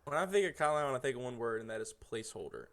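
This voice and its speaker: A man's voice: medium pitch, sing-song, very fast, a bit bright. A man guesting on a casual sports podcast, often restarting his sentences with repeated words.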